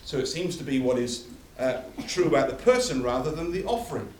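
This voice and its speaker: A man's voice: medium pitch, animated, fairly quick, a little mellow, slight background noise. A man preaching a sermon, emphatic and building through repeated phrases, recorded from a distance in a church hall. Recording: echoey hall from far off.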